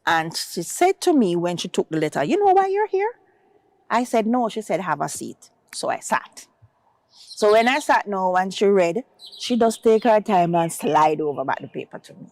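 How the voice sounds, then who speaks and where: A woman's voice: expressive, moderate pace. A woman tells an emotional personal story as a guest, acting out other people's words in her own voice. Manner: acts out quoted voices, rising high for others' words.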